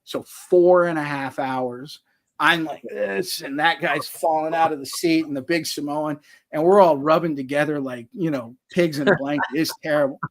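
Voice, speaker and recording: Appearing as an author guest on a live video chat, a man who seems to be in his forties tells rambling, self-deprecating stories. His voice is on the high side and he talks at a normal speed.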